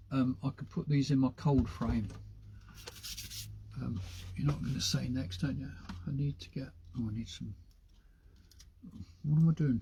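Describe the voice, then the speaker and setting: A man's voice: mid-range voice, a little mellow, slight background noise. Chatty man potting seeds live. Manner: chatty, rambling, talks to himself while potting. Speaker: gardening channel host. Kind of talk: casual live-stream chat while working. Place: greenhouse.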